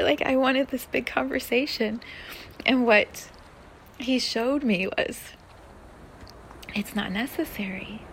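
Soft-spoken woman, dreamy podcast musing. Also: a little high, slow pace, long pauses, slight background noise. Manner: dreamy, soft, often drops to a breathy whisper, laughs often. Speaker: podcast host. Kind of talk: spiritual podcast monologue.

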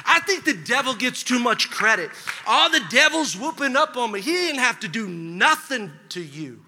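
Animated preacher in an echoing hall. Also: male voice, very high-pitched, moderate pace, a little hiss or hum. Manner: animated storytelling, acts out dialogue. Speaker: pastor. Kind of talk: sermon. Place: church sanctuary. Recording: long hall reverb.

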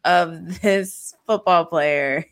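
A young woman co-hosting a casual podcast, talking in quick animated bursts full of "like". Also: fairly low pitch. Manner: animated, quick, frequent "like" fillers. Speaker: podcast co-host. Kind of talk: casual chat.

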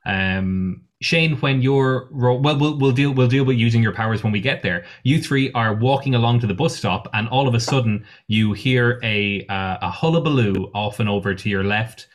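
A man's voice: medium pitch, normal speed, hardly any pauses. A man narrating as game master in a casual tabletop session, hesitant with many fillers.

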